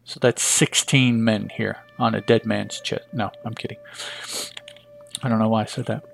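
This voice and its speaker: Gravelly man reading a comic aloud. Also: fairly low pitch, fairly even intonation, normal speed, a little hiss or hum. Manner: chatty asides, frequent fillers. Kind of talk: casual comic-book read-aloud.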